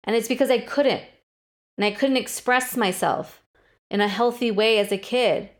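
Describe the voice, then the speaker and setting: A woman's voice: on the high side, moderate pace. Thirtysomething woman doing a solo podcast, blunt and sweary, just spilling her feelings. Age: 30s. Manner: candid, profane, emotionally open. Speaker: podcast host.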